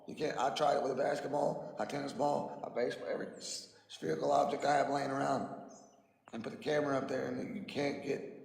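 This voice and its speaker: A man's voice: medium pitch, creaky, a little mellow, roomy sound, big-room sound, rough recording. A man giving a combative, mocking livestream rant, his voice worn out. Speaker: flat earth streamer. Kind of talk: ranting livestream monologue.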